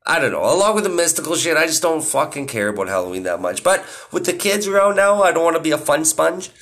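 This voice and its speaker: Very animated and fast, a man in his thirties with a slightly high, fairly bright voice hosts a podcast, rambling casually in a monologue, swearing constantly and cracking himself up over his own stories.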